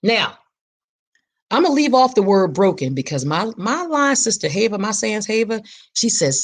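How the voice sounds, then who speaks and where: Speaking at normal speed with a medium pitch and big pitch swings, this podcast host, a woman in her forties, offers personal reflective talk. She sounds emphatic and preacher-like, returning again and again to her key phrases.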